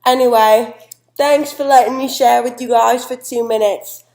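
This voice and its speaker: A woman's voice: on the high side, steady tone, moderate pace, darkish tone, close to an everyday voice. A young woman playing a chatty, folksy expert from the American South with a Southern accent, rambling and talking to her dog, in an echoey room. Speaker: guest expert in a mock news segment.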